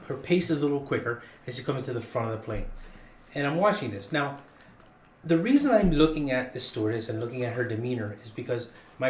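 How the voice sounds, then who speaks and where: A man telling a long story on a podcast in a casual, animated, jokey way. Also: echoey room. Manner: animated, jokey, rising in pitch for punchlines.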